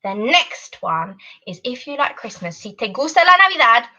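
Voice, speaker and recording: A woman leading an online Spanish lesson for children, animated and encouraging. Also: fairly high pitch, moderate pace, highs cut off. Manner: animated, encouraging, sing-song teacher voice.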